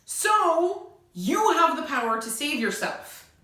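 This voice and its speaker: A woman's voice: high-pitched, sing-song, slow pace, pushed and bright. A young woman delivering an urgent, emphatic spiritual monologue to camera, pleading and repeating herself for emphasis. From United States. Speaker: self-styled spiritual channel. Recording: very echoey room.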